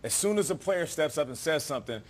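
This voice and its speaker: A man, a former player now a sports show analyst, arguing his point in an animated way and cutting in on others. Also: on the high side, quick pace. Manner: animated, argumentative, cuts in. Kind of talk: studio sports debate.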